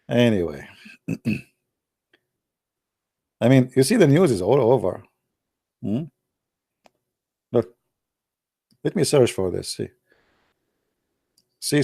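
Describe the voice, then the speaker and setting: Vlogger, male, from the Arab world; teasing, mellow, dry sound. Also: mid-range voice, lively intonation, slow pace, creaky, pauses often, slightly rough, no echo. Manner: teasing, chuckling asides. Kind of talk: casual joking commentary.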